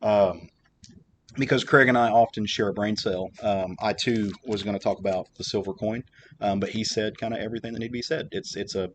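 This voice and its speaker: A low-voiced man rambles through a casual podcast chat. He talks in loose, restarting sentences with plenty of "um" and "uh." A faint rumble hums under the recording. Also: steady tone, a little fast. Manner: rambling, many fillers and restarts. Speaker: podcast host.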